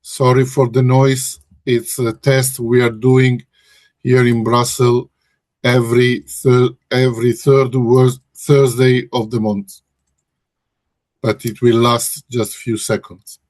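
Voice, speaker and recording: Slow, hesitant man. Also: medium pitch, level tone, a little mellow, no echo. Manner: hesitant, frequent restarts and self-corrections. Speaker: webinar host and research director. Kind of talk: presenting a webinar. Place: office in Brussels.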